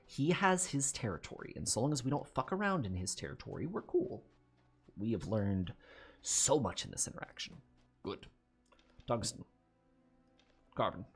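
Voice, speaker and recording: Man, husky voice, very lively pitch, casual gameplay commentary, swears and laughs a lot. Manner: laughs often, swears freely, thinks aloud. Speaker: gameplay streamer.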